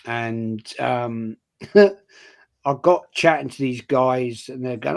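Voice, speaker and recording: A man's voice: mid-range voice, slow, creaky, a little mellow, poor audio. A man telling away-trip stories in casual fan chat, rambling and often restarting his sentences. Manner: rambling, restarts a lot, full of "um".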